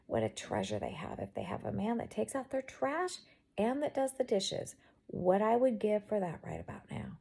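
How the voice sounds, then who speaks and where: A woman with a Southern accent rambles in a casual chat from her bedroom. Her voice sits fairly high but sounds mellow and dark in tone, with a gravelly fry running through it. She talks in a quirky, chatty way. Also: sing-song, normal speed. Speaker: vlogger.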